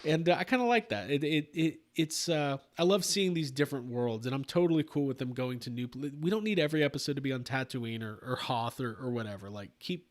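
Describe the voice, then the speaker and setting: A man hosting a casual late-night fan aftershow, rambling and animated with lots of fillers and restarts. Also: medium pitch, fast, few pauses. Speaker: podcast host.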